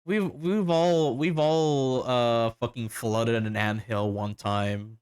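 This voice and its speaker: A man's voice: mid-range voice, fairly even intonation, takes it slowly, a little mellow, clean tone, dry recording, clean studio sound. A man chatting casually, rambling with fillers and repeats and cracking crude jokes. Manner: fillers, repeats, swearing, joking. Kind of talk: casual chat.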